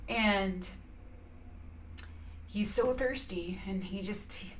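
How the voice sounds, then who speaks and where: Slightly bright and slow, a woman's mid-range voice carries a rambling vlog chat about spiritual reflections, with slight background noise. She laughs a lot and fills pauses with "yeah."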